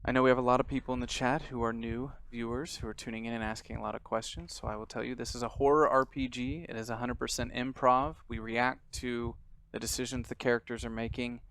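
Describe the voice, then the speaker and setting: Gravelly-voiced man narrating a horror game. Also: medium pitch, steady tone, a bit bright. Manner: measured, descriptive narration. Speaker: game master.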